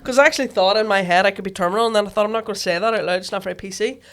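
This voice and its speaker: A woman's voice: medium pitch, very fast. A woman with a Northern Irish accent co-hosting a podcast, telling stories in a chatty, laughing way with plenty of fillers and a cough from a chest infection. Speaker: podcast co-host. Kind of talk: casual chat.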